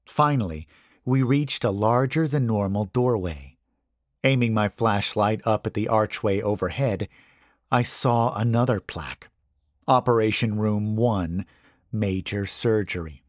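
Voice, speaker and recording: A man narrating a first-person horror story in a measured, suspenseful reading. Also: mid-range voice, no echo, clean studio sound.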